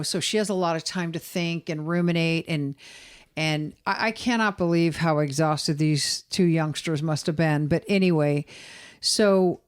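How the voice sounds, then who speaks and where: A woman co-hosting a true-crime podcast, casually retelling events and acting out quotes. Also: on the low side. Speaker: podcast co-host.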